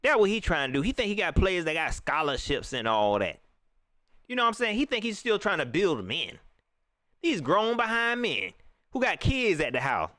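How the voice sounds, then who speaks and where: A man hosting a live reaction stream, ranting in an animated way and talking straight to his viewers. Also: sits high, moderate pace, dry recording, studio quality.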